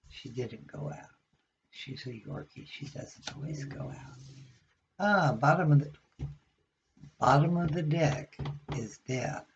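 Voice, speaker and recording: A man's voice: on the high side, unhurried, vocal fry, muffled recording, a little hiss or hum. A man rambling and musing aloud as he reads tarot cards at home, talking to spirit between draws. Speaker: tarot card reader. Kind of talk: casual rambling card reading.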